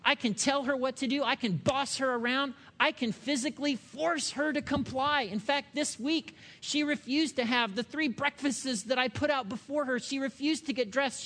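Man, pastor, forties, high voice, conversational sermon, long hall reverb. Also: normal speed, hardly any pauses, fairly bright tone. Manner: conversational, with frequent rhetorical check-ins and asides.

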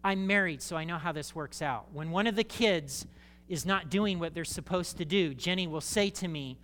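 A man with a fairly high voice preaches a sermon as a pastor at a normal speed. He talks conversationally to the congregation, adding jokey asides and animated emphasis.

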